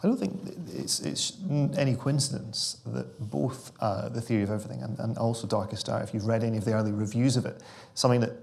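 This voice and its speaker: Gravelly-voiced male interviewer. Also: mid-range voice, steady tone, quick pace, darkish tone. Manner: long, multi-part questions. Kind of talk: interview questions.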